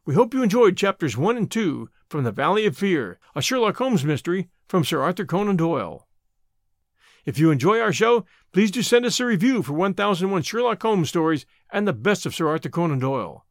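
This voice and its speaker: A man narrating a mystery story and hosting the show, with expressive storytelling. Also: sits high, brisk, dry recording, studio quality. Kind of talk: audiobook narration.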